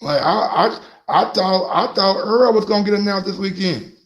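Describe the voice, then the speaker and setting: Man, sports call-in host, slightly high voice, excitable, repeats words, laughing. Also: moderate pace. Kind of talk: casual sports call-in talk.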